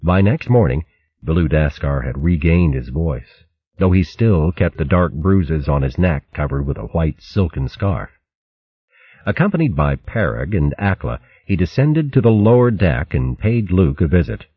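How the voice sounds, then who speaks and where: Deep, husky male storybook narrator. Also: very animated, no echo. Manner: measured, dramatic storytelling. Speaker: audiobook narrator. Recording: dull dry audiobook recording.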